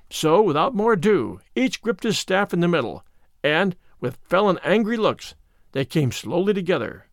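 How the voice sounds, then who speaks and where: A man reading an old-fashioned tale aloud with an expressive delivery. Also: high voice, moderate pace, no echo, clean studio sound. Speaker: narrator. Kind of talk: storybook read-aloud.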